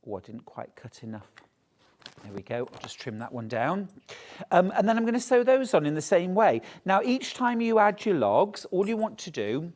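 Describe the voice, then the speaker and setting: A man's voice: on the high side, a little mellow. A man chatting as he demonstrates sewing steps on a live TV show. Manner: chatty, explains steps while working.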